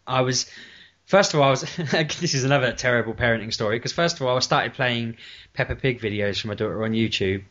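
A man's voice: mid-range voice, fast talker, a bit bright. A man hosting a casual podcast chat, telling long rambling stories and often laughing at them himself. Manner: rambling storyteller, laughs at his own stories. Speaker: podcast host. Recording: lo-fi podcast audio.

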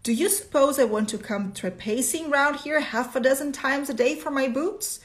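A woman reading aloud and voicing an angry devil in blue spectacles who shouts insults. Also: high voice, normal speed, voice pushed up, close to an everyday voice. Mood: furious. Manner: shouting, scolding.

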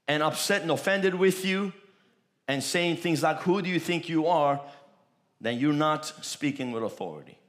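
A man's voice: a little high, a bit bright. A man preaching a sermon, with emphatic, repetitive declarations that rise in bursts.

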